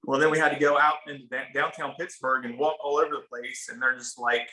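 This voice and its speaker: Bright-voiced rural Ohio man telling stories. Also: mid-range voice, little pitch movement, a little fast, hardly any pauses. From small town in Ohio. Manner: laid-back, swears, acts out quoted dialogue. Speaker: podcast guest, barber. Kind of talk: casual storytelling. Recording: roomy echoey room.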